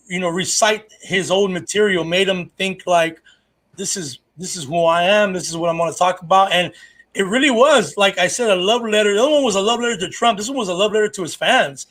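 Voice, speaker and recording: High-voiced man telling rambling stories. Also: fairly bright tone. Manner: rambling, profane, with many restarts. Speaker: comedian podcast co-host. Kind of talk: casual storytelling chat.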